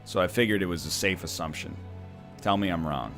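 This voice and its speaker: A man's voice: low-pitched, brisk, a bit bright, faint music behind. A man from Canada giving casual gameplay commentary as a streamer, rambling with joking asides. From Canada (Ontario).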